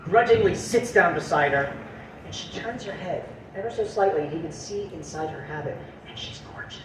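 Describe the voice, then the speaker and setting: A man hosting a comedy show outdoors, telling jokes to a live audience in a loud, brash, punchy way. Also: fairly high pitch, a little fast. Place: outdoor festival stage. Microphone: distant camera mic. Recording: distant, echoey, noisy outdoor recording.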